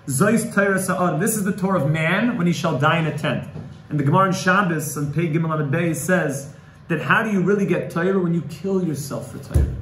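Emotional man teaching Torah, echoey room. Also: fairly high pitch. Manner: emotional, pleading, quotes Hebrew texts. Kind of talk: Torah class. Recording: echoey room with faint ambient noise.

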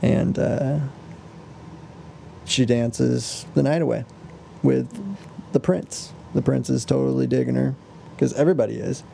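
A man's voice: medium pitch, fairly even intonation, a little slow, gravelly, pauses often, mellow, a little hiss or hum. A man co-hosting a podcast, retelling an old tale in a loose, slangy, casual way. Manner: loose and slangy, many fillers and restarts. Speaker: podcast co-host. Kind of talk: casual storytelling chat.

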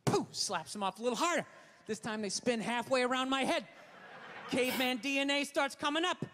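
High-pitched ranting male stand-up comic. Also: brisk, bright, forceful tone, a little hiss or hum. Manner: ranting, profane, exasperated storytelling. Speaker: stand-up comedian. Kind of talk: stand-up comedy routine.

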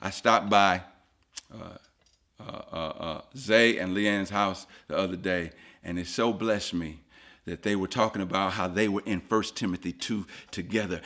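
A pastor preaching to his church in a high, ringing voice. He drops to near-whispers, then surges into loud, repeated lines to drive each point home. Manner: swings from hushed to loud and preachy; repeats lines with rising emphasis. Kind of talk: sermon.

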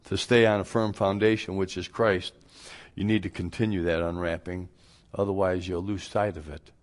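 A man's voice: deep voice, level tone, moderate pace. A man preaching a radio sermon as pastor, down-to-earth and folksy, sometimes acting out both sides of imagined everyday conversations.

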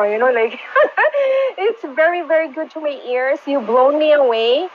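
A woman's voice: sits high, animated, moderate pace, a little hiss or hum. A woman judging a singing contest over a video call, gushing and rambling with many fillers. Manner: effusive, rambling, with frequent fillers. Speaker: judge of an online singing contest. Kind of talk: casual judging feedback. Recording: slightly muffled online call audio.

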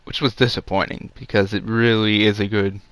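Smooth-voiced sarcastic man reviewing a movie. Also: on the low side, level tone, moderate pace, fairly bright tone, dry recording. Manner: sarcastic, rambling, many fillers. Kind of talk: casual off-the-cuff review.

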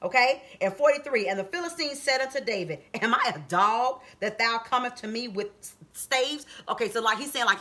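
A woman preaches a live online sermon in a high, bright, ringing voice. She speaks, keeps calling "come on now" to her listeners, and rises into fervent shouts. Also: expressive, a little fast, few pauses.

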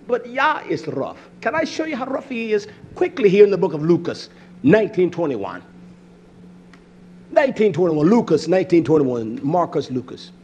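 A man's voice: high-pitched, a little mellow, slightly rough, highs cut off. A man preaching a fiery sermon, his intensity rising and falling as he calls out hallelujah between points.

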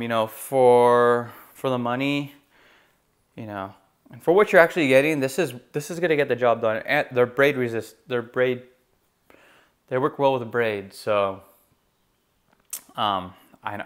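A young man casually reviewing a fishing rod in a relaxed, rambling way, with lots of fillers and bursts of enthusiasm. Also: mid-range voice. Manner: enthusiastic about gear. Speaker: gear reviewer.

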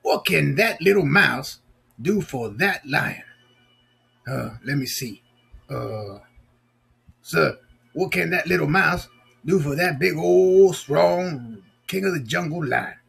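A man's voice: on the high side, expressive, takes it slowly, gravelly, pauses often, a bit bright, slightly rough. A man reading a storybook aloud to children, chatting playfully and asking them questions between passages. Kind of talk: storybook read-aloud with asides.

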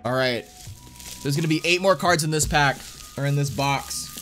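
A man streaming live, chatting casually and excitably to his viewers, full of slang. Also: fairly high pitch, normal speed, faint music behind. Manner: excitable, slangy, says dude a lot. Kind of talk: casual live-stream chat while opening card packs.

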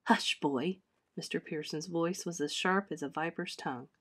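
Expressive woman reading a storybook aloud. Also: a little fast. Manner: expressive, voices characters with pitch lifts and soft drops. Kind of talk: storybook read-aloud narration.

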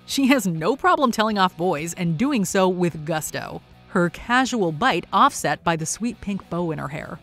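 A woman's voice: lowish voice, animated, moderate pace, fairly bright tone, soft background music. A woman hosting a countdown in upbeat, playful scripted narration. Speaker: countdown host.

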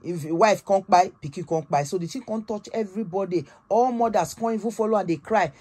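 A woman with a Nigerian accent hosting a gossip channel, retelling a story in a dramatic, animated way with frequent exclamations. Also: mid-range voice, a little fast, breathy edge. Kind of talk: casual storytelling gist in Pidgin.

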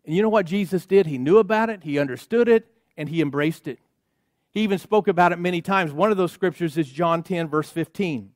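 A man's voice: sits high, a little fast, no echo, clean studio sound. A man preaching a sermon as a pastor, speaking emphatically and driving his points home through rhythmic repetition and call-outs to the congregation. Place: church sanctuary.

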